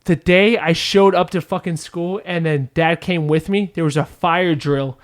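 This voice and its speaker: A man's voice: a little high, fairly even intonation, measured pace. A man telling a story as a podcast guest in casual chat, swearing freely and laughing as he talks. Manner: profane, laughs through his stories.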